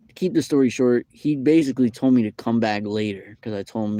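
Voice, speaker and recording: A man's voice: fairly low pitch, animated, fairly quick, dark tone, dry recording. A young man telling a rambling story on a live stream, with lots of fillers and repeated phrases. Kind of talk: casual live-stream chat. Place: McDonald's restaurant.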